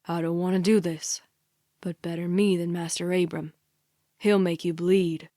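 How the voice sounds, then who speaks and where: A woman's voice: little pitch movement, measured pace, mellow, no room sound, studio quality, close to an everyday voice. A woman voicing a stern young cult man. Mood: threatening. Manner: low, stern and threatening. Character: young man, cult protector, gruff and conflicted.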